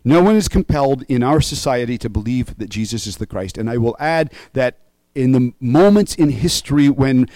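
Mellow-voiced man preaching with steady emphasis. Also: medium pitch, no room sound. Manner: emphatic, reasoning step by step, often checks in with "okay?". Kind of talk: sermon-style teaching.

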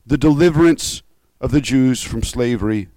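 A male pastor preaching in a relaxed, conversational way. He is earnest and openly moved, and he often stops himself to restart or add an aside. His voice sits at a medium pitch and is recorded close and dry. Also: normal speed, no room sound. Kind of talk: conversational sermon.

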